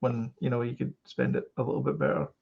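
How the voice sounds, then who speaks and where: A Scottish man co-hosts a podcast, rambling through casual chat and stopping often to restart his sentences. His voice has a gravelly edge, and it sits at an ordinary middle pitch. The recording sounds a bit dull and lo-fi. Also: quick pace. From Scotland. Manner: rambling, animated, with many fillers and restarts. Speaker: podcast co-host.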